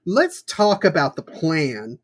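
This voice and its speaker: Unhurried, wry man with an animated voice. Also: a little high, slightly rough. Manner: thoughtful, wry, laughs easily. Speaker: podcast co-host. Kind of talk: casual chat reviewing a tokusatsu show.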